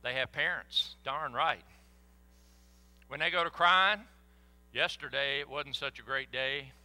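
An older man preaching a sermon in a church, animated and folksy, with sudden whoops. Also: mid-range voice, unhurried. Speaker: pastor. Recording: echoey hall.

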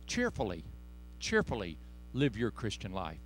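A man preaching a sermon to his congregation in church, impassioned and folksy, swinging between loud exhortation and hushed asides. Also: mid-range voice, expressive, a little slow. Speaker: pastor.

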